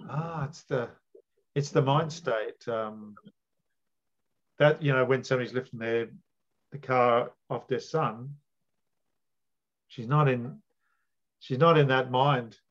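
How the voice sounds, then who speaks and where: A man's voice: medium pitch, slow, pauses often. A man hosting an interview, musing and thinking aloud in casual conversation. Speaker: interviewer and host. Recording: dull lo-fi audio.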